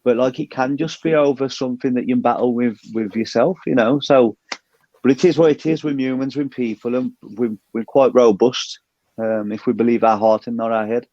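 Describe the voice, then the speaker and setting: A man's voice: mid-range voice, steady tone, moderate pace, mellow, no echo. Reflective man, dull lo-fi sound. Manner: reflective, emotional. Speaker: podcast co-host. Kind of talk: casual chat. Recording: dry, slightly dull lo-fi sound.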